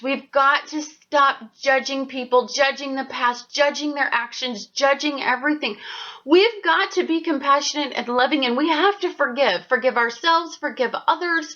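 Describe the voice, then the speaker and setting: Blunt, profane, high-voiced woman ranting. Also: bright, forceful tone. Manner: blunt, profane, swings into heated outbursts. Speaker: astrology and tarot vlogger. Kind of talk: ranting spiritual vlog. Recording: dull lo-fi sound.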